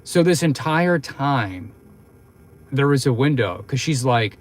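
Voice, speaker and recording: A man's voice: medium pitch, expressive, slow pace. A young man hosting a livestream, telling a long story in a casual, rambling way with lots of fillers and restarts. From Philadelphia, United States. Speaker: livestream host.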